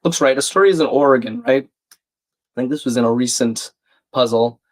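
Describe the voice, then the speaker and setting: Man, croaky, under the weather, chatty stream host reading out chat, mid-pitched. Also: normal speed. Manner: chatty, reads chat aloud, self-deprecating. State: croaky, a bit sick. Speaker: livestream crossword host. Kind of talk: casual live-stream chat.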